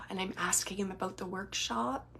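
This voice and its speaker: A woman working as a psychic medium and host, giving live readings in a loose, halting way full of "like" and "um," and relaying messages from spirits in the first person. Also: mid-range voice, steady tone, vocal fry, bright, forceful tone, slight background noise.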